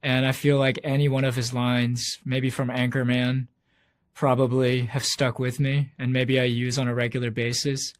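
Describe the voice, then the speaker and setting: A man's voice: medium pitch, level tone, normal speed. Wry playful man in interview.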